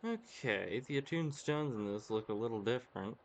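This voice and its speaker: A man's voice: mid-range voice, expressive, normal speed. A man giving casual, rambling commentary to his viewers while he plays a game. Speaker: gaming video creator. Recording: loud background noise.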